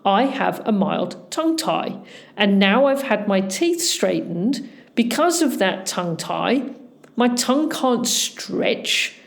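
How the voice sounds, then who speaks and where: A middle-aged woman dentist hosting a podcast, explaining points one by one in a measured way, with a slightly slushy S sound. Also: mid-range voice, big pitch swings, creaky. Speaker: holistic dentist, podcast host. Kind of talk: informative podcast monologue.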